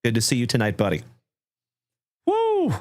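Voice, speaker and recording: A man hosting a livestream trading card break, thanking viewers effusively and calling out cards with excitement. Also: medium pitch, moderate pace. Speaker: live card break host.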